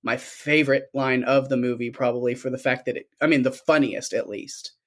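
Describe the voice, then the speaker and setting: A man's voice: mid-range voice, a little fast. Laughing male podcast co-host. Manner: animated, laughs often, acts out quotes. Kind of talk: casual chat recapping a film.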